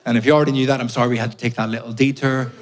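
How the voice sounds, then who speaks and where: A man from Belfast with a Belfast accent does a live stand-up set. His delivery is exasperated and full of swearing, pitched in a middling register. The live recording carries clear background noise. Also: flat delivery, rapid-fire. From Belfast, Northern Ireland. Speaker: stand-up comedian. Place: comedy club stage.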